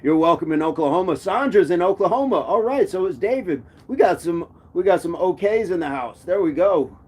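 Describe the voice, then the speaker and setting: A man's voice: high voice, animated, brisk, darkish tone, slightly rough. A man from the United States hosting a live stream chat, playful, laughing often and repeating his phrases as he reads comments.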